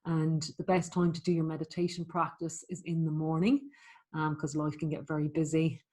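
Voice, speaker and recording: Woman meditation teacher, flat even delivery, warm encouraging chat with lots of fillers. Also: deep voice, normal speed. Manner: gentle, encouraging, chatty with many fillers. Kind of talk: spoken meditation instruction.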